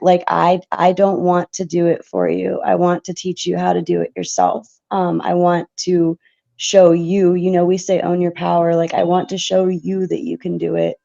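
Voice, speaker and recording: Husky-edged woman losing her voice. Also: on the low side, flat delivery, unhurried, warm tone, dull audio. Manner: earnest, heartfelt, frequent laughs and fillers. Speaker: guest, shop owner. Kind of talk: casual interview chat.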